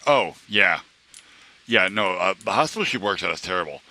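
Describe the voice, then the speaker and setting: A young male streamer tells a rambling story to his chat, full of fillers, restarts and acted-out quotes from other people. His voice sits very low yet comes across bright and forceful. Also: animated, normal speed.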